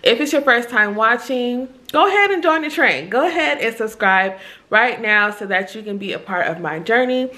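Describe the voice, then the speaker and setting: A woman vlogger chatting casually to her viewers, upbeat and fast-talking, with slangy phrasing. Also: on the high side, expressive, bright, forceful tone. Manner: upbeat, chatty, uses slang like "giving vibes". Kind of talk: casual vlog chat to camera.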